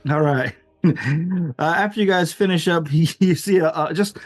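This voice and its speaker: A man narrating as game master of a tabletop game, lively and chuckling, with many fillers. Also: fairly high pitch, unhurried, no echo, soft background music.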